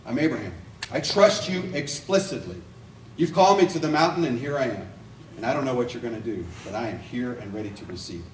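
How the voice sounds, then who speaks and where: Animated man preaching in echoey church. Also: medium pitch, fairly quick, far from the mic, slight background noise. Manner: animated storytelling with acted-out quotes. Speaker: evangelist preacher. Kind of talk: sermon. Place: church sanctuary.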